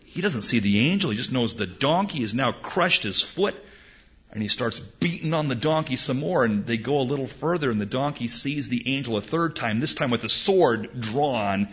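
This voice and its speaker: Animated man preaching a story. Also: mid-range voice, normal speed. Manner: animated, repetitive restarts. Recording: dull lo-fi recording.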